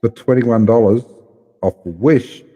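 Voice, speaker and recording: Kiwi male streamer, casual banter, warm dark tone. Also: mid-range voice, takes it slowly, husky, long reverb tail. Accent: New Zealand. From New Zealand. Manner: playful, joking. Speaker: livestream host. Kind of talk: casual live chat.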